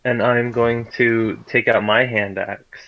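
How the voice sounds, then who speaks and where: A man playing in a casual tabletop game, relaxed and joking around. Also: medium pitch, slow. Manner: relaxed, chuckling, loose joking. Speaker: player. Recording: dull lo-fi mic.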